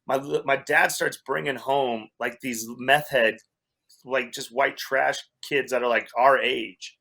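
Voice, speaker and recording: Male podcast guest, animated storyteller, wry and self-deprecating, average pitch. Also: measured pace, vocal fry. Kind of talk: storytelling in a casual chat.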